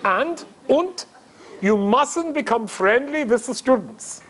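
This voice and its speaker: A man's voice: very high-pitched, animated, takes it slowly, fairly bright tone, pitched above the performer's own voice, heavily acted. A man voicing a formal German-accented man on the phone, clipped and stern.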